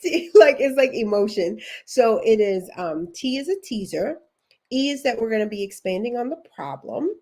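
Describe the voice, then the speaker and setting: A woman's voice: a little high, animated, moderate pace, darkish tone. A middle-aged woman with a Baltimore accent, hosting a livestream as a career coach, chatty and encouraging, reading viewer comments aloud.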